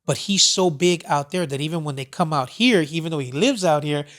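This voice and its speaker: A man's voice: fairly high pitch, animated, a little fast, fairly bright tone. A man hosting a casual radio talk show, rambling through anecdotes with offhand asides. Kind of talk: casual storytelling chat.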